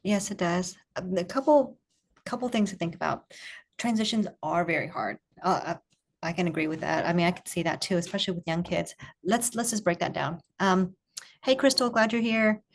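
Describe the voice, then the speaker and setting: A woman leading an online parenting coaching group on a video call, asking calm, curious questions and encouraging the parents. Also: lowish voice, moderate pace, slight background noise.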